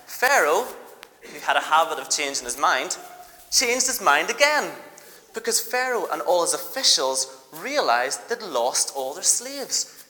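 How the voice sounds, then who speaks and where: Lively teacher telling a story to a congregation: bright tone, long hall reverb. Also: mid-range voice. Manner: lively, directs helpers with quick requests and praise. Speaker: teacher leading a church education service. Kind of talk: acting out a Bible story with volunteers.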